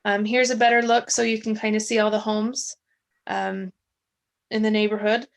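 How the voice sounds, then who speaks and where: A woman's voice: medium pitch, vocal fry, poor audio. A woman city staffer at home, presenting a subdivision plan to a council over a video call, chatty and apologetic with many fillers, losing her voice.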